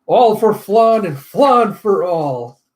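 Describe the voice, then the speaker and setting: A scheming male villain chef, put on by a man reading a comic aloud. He speaks slowly in a raised, smug sing-song. The voice sits high. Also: animated, a little mellow.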